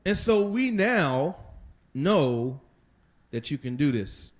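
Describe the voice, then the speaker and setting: Guy teaching bible study, chatty, kinda higher voice, lots of rhetorical questions. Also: very animated, takes it slowly. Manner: conversational, asks the listeners rhetorical questions.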